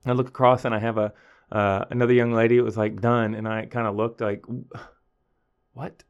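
Animated storytelling teacher. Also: male voice, fast talker, clear, resonant tone, dull audio. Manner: animated storytelling, acting out students in a higher voice. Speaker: high school teacher. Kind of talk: casual podcast monologue.

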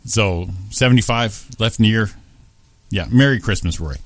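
A man's voice: fairly low pitch, moderate pace, no room sound. A man co-hosting a casual podcast, talking plainly and throwing in dry, wry short comebacks. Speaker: podcast co-host.

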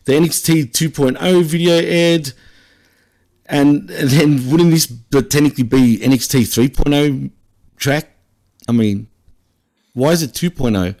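A man's voice: fairly high pitch, measured pace, pauses often, a little mellow. A man with an Australian accent, co-hosting a casual wrestling podcast, chatting and laughing a lot. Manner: laughs often, tags lines with "right?". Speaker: podcast co-host. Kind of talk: casual wrestling recap chat.

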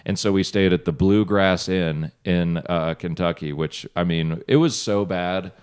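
A man, a stand-up comedian, chatting as a podcast guest and telling loose, joking stories with quick asides. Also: deep voice, darkish tone, clean tone. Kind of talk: casual podcast interview.

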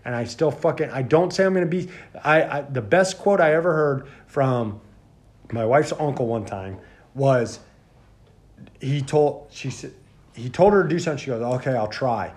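A blunt man hosting a casual podcast, swearing freely as he makes his points. His voice sits in an ordinary middle pitch, and his talk is plain and emphatic. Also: lively intonation, normal speed. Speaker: podcast host. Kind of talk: casual chat.

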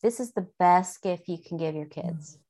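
A middle-aged woman explaining mindfulness for children, calm and gently instructive, sometimes speaking soothingly as if to a child. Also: on the low side, normal speed. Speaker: guest expert on mindfulness. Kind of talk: conversational explanation.

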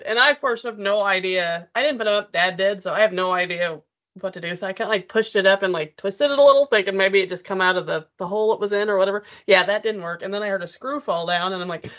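A woman's voice: medium pitch, a little fast, a bit bright, muffled recording. A woman co-hosting a podcast, telling a home story in a chatty, wry way with plenty of swearing. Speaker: podcast co-host. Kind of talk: casual storytelling chat.

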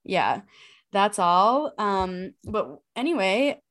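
A woman's voice: medium pitch, slow. Young woman co-hosting a podcast, just rambling along, laughs a lot. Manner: rambling, animated storytelling with many fillers and laughs. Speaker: podcast co-host. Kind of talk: casual chat.

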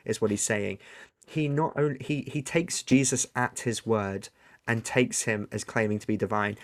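A man talking casually and earnestly, thinking aloud as he explains a point to an interviewer. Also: mid-range voice. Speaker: guest discussing scripture.

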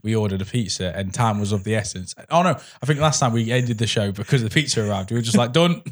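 An enthusiastic young man in casual podcast chat. His voice sits a little low. He rambles happily and drops in "mate" often. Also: fast. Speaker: podcast co-host.

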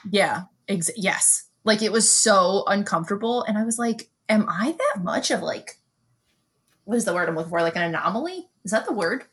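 A woman's voice: medium pitch, lively intonation, a little fast, hardly any pauses, fairly bright tone. A young woman co-hosting a casual podcast chat. She rambles, second-guesses her own word choices, and swears offhandedly. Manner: chatty, swearing, self-questioning.

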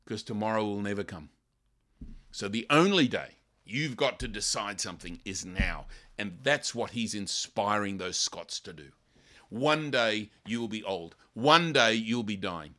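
Older man, pastor preaching, low voice, bright forceful tone. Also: lively intonation, unhurried. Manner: impassioned, builds to loud dramatic quotes. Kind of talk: sermon.

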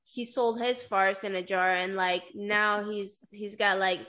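A woman's voice: medium pitch, fairly even intonation, measured pace, bright, forceful tone. A young woman hosting an interview, rambling chattily with many fillers and frequent giggles. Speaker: interview host. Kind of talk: casual interview chat.

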